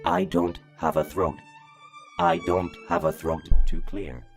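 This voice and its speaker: A slow gravelly ship computer. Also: male voice, a bass voice, wildly swooping pitch, soft background music, exaggerated voice. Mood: mocking. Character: sinister male spaceship AI computer.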